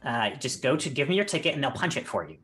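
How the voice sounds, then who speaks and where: A man's voice: mid-range voice, sing-song, fast talker, fairly bright tone, soft background music. A man voicing a small gray-haired gnome ticket clerk in a tabletop game, offhand and a bit nervous, rattling off the rules.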